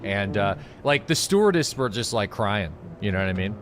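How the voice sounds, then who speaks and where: A young man streaming a game, chatting casually, swearing freely and getting loudly excited at new finds. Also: normal speed, background noise. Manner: excitable, swears a lot, jumps up high when surprised. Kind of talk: casual gaming livestream chat.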